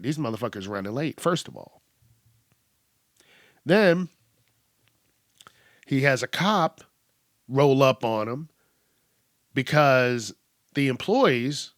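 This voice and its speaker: A young man hosting a podcast, retelling a news story in a profane, animated way and acting out the quotes. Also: mid-range voice, dry recording, studio quality. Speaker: podcast host. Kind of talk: casual news commentary.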